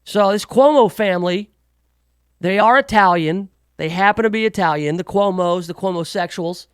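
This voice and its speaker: A man's voice: sits high, moderate pace, clean tone, no room sound, clean studio sound. A man hosting a talk radio show, delivering a rambling, sarcastic monologue full of jokey asides. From United States. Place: radio studio.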